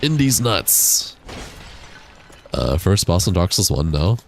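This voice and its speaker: A man's voice: low-pitched, lively intonation, normal speed, gravelly, a little mellow, a little hiss or hum. A young man streaming a game, chatting casually, reading chat aloud and laughing often. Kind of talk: casual livestream chat while gaming.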